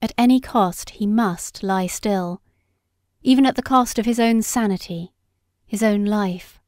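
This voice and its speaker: A woman reading a story aloud as an audiobook narrator, in a measured, unhurried way. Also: mid-range voice, darkish tone, dry recording, clean studio sound. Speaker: audiobook reader. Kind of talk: scripted narration.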